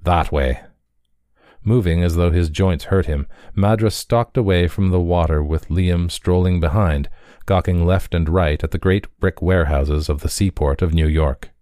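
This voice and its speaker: Deep-voiced male audiobook reader. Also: steady tone, moderate pace, warm tone, no echo, studio quality. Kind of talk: audiobook narration.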